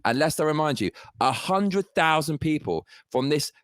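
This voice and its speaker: A man's voice: a little high, animated, moderate pace, no echo, clean studio sound. A man delivering an angry, profane political rant, heated and sarcastic throughout. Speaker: political commentator.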